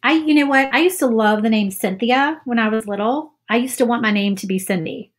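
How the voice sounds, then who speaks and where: This craft livestream host, a woman with a slightly high voice, paints while making casual conversation at a fairly quick clip. She keeps second-guessing herself and frequently says "y'all."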